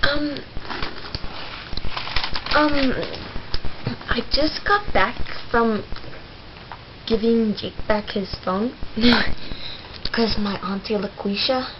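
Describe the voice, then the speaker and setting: A woman's voice: on the high side, very slow, long pauses, lo-fi sound, background noise. A woman playing a naive, chatty fourteen-year-old girl in a character vlog, rambling and giggly, full of "like".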